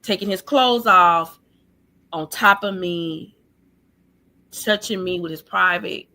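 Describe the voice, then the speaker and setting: A woman guest recounting her childhood in an earnest, halting way, full of fillers, over a video call. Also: lowish voice, sharp tone. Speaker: guest sharing her life story. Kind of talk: personal testimony in an interview.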